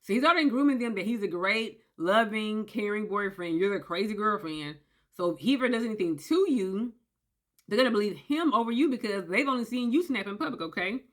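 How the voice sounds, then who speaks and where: A woman giving a casual explainer, emphatic and animated, often checking in with "okay?" and acting out quoted voices. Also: mid-range voice, brisk. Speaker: commentator on narcissistic abuse. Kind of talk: casual talking-head explainer.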